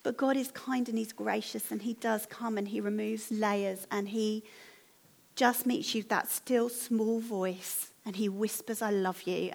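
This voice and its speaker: A woman preaching a sermon in a church, speaking in a gentle, earnest and encouraging way. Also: medium pitch, gravelly. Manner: gentle, earnest, encouraging appeal with soft laughs.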